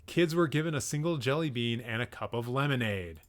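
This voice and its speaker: A man's voice: mid-range voice, animated, brisk, heavy background noise. A young man hosting casual reaction commentary, joking sarcastically and swearing now and then as he reacts to clips. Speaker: film commentary host.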